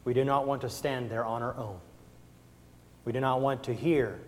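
A man preaching a sermon, moving between soft pleading and loud, emphatic passages as he calls listeners forward. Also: medium pitch, steady tone, normal speed, pauses often. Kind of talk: sermon with invitation. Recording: long reverb of a church hall.

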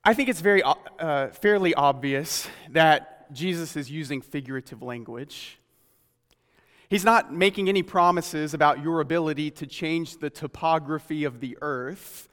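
Earnest male preacher, slightly high voice, slows for emphasis; sermon taped in a reverberant hall. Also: a bit bright.

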